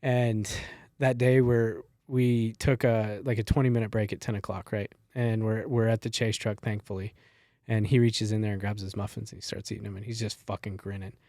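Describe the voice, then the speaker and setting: A man's voice: on the low side, little pitch movement, moderate pace, darkish tone, no echo, studio quality. A middle-aged man telling stories as a podcast guest, laid-back and laughing, swearing freely as he talks. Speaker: guest, former wildland firefighter. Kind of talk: casual podcast storytelling.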